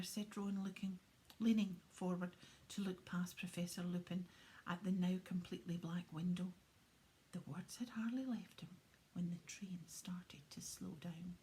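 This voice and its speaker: A woman reading a storybook aloud in a hushed, breathy voice. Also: lowish voice, steady tone, moderate pace, rough recording. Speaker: audiobook reader. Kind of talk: storybook narration.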